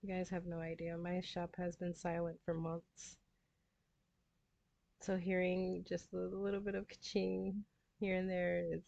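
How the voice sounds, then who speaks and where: A woman's voice: on the low side, level tone, unhurried, creaky, long pauses, a little mellow, no room sound, dull audio. A woman hosting a casual cross-stitch livestream, reading viewer comments aloud and chatting back to them. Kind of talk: casual live-stream chat.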